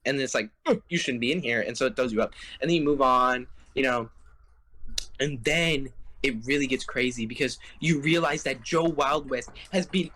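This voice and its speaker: A young man co-hosting a podcast recaps a video game's plot in a medium-pitched, bright, forceful voice at a moderate pace. His rambling storytelling runs on and on, studded with "right?" and "bruh."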